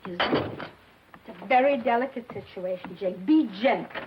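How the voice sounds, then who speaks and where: An actress playing a soothing middle-aged housewife in a 1950s TV sitcom, coaxing and placating, full of endearments. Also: female voice, on the high side, moderate pace, noisy background, close to an everyday voice. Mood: pleading. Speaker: wife and homemaker in a sitcom. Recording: dull lo-fi 1950s TV sound.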